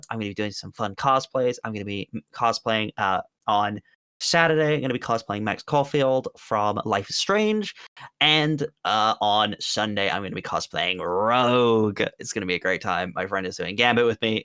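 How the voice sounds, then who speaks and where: A man wrapping up a tabletop game stream, rambling cheerfully through his plugs with a laugh at himself. His voice is smooth and resonant, recorded close and dry with no room sound. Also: on the low side, a little fast, fairly bright tone, dry recording. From United Kingdom. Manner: rambling, upbeat, self-mocking. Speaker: tabletop game player plugging his projects. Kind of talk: casual end-of-stream chat.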